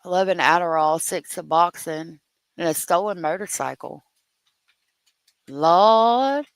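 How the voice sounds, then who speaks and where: A woman's voice: lowish voice, slow pace, clean tone, no echo, poor audio. A woman hosting a true crime livestream, chatting casually, reading viewer comments aloud and laughing often.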